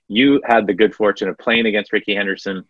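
Man, podcast co-host, low voice, dry dull lo-fi sound, casual storytelling. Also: fast, no room sound. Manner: storytelling, animated retelling of anecdotes. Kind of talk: casual sports podcast chat.

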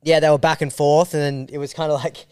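A man telling a story in loose, animated chat, full of fillers and restarts. His voice is smooth and clean. The sound is dry and close. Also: a little high, fast, no room sound. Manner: animated, rambling with many fillers. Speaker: documentary filmmaker guest. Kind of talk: casual storytelling.

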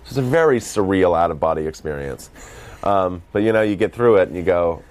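A young man with a very low voice and a light Boston accent talks in a loose, rambling way, full of "like"s. He is self-deprecating and casual as an interview guest. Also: animated, a little fast, darkish tone, clean tone. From Massachusetts, USA. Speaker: film director and comedian guest.

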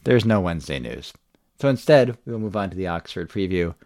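Dry teasing host, lowish voice. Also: male voice, sing-song, fairly quick, a little mellow. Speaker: podcast host. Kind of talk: casual podcast hosting.

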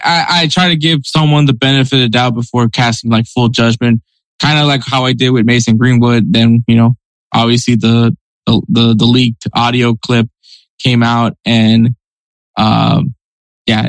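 A man's voice: medium pitch, no echo, low-quality recording. A man hosting a podcast, talking through news headlines in a conversational, hedging way. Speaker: podcast host.

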